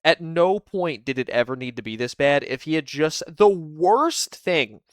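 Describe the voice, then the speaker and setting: A man with a slightly high, smooth voice gives casual live commentary, rambling with many fillers. The sound is close and dry. He pauses now and then to read chat aloud. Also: lively intonation, no echo. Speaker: streamer reacting to police clips.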